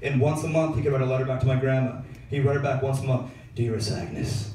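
A young man does a stand-up set before a live audience in a comedy club, telling stories in a laid-back, slangy way full of fillers. His mid-range voice is mellow, racing and fairly flat in pitch, heard from far off in an echoey room.

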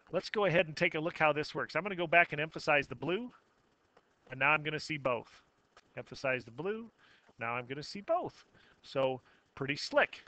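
A man teaching a math software tutorial, narrating each click step by step with casual self-corrections. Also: fairly high pitch, no room sound. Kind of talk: screen-recorded software tutorial.

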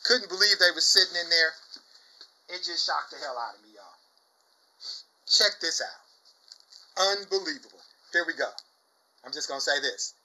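A young man chatting casually about his comic book finds, exuberant, saying "y'all" often and bursting into loud shouts and laughs. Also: on the high side, normal speed, long pauses, poor audio. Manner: exuberant, says "y'all" a lot. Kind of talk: casual chat.

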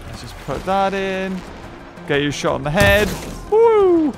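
Excitable high-voiced gamer. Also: male voice, moderate pace. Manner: excitable, chatty, talks to enemies, frequent yelps and laughs. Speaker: gameplay commentator. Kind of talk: let's play commentary. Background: game music.

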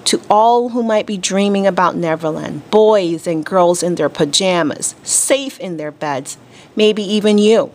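A woman teacher reading a children's storybook aloud to her class, expressive and deliberate. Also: mid-range voice.

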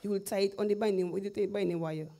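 Brief: middle-aged Dominican woman, lively testimony, mid-pitched, acts out voices, laughs a lot. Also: fast talker. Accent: Dominican Creole English. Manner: lively storytelling, acting out quoted voices, laughing often. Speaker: testifying guest. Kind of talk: animated personal testimony.

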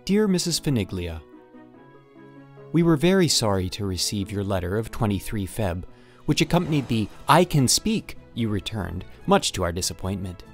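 A man narrating an audiobook in the first person as a letter, with an emphatic, animated delivery. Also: fairly low pitch, normal speed. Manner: animated, emphatic on the product name. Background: faint background music.

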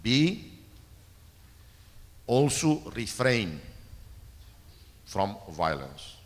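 A man from East Timor giving a keynote speech, measured and emphatic, repeating words for stress. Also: fairly low pitch, sing-song. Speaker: keynote speaker. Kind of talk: formal speech with audience Q&A. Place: large university auditorium. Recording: reverberant lecture hall.

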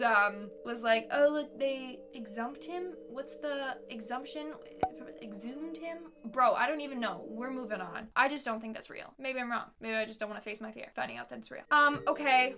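A woman reacting in a casual vlog, expressive and giggly, squealing at what she sees, talking in her studio. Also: a little high. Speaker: YouTuber.

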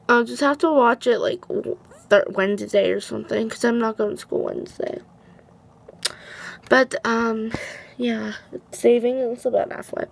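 A woman's voice: a little high, steady tone, measured pace, gravelly, long pauses. A teenage girl chatting casually to her vlog camera, tired, rambling and restarting her sentences with giggles. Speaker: vlogger.

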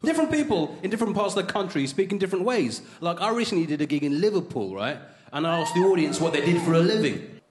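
A man doing a stand-up comedy set as host, delivering deadpan punchlines in front of a live studio audience. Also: sits high, quick pace. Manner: deadpan punchlines, slips into silly put-on voices. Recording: live studio show, loud laughing audience. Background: crowd laughter.

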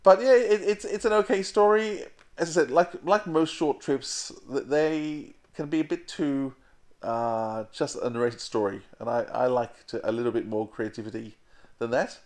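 A man's voice: medium pitch, darkish tone. An Australian man co-hosting a podcast, giving opinionated casual review chat with laughs and restarts. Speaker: podcast co-host.

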